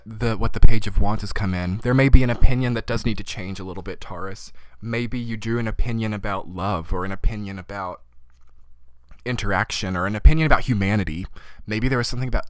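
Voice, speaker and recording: A man's voice: fairly low pitch, no room sound. A man giving a casual tarot reading and losing his voice a little, rambling and talking with many "you know" and "like" fillers. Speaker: tarot reader.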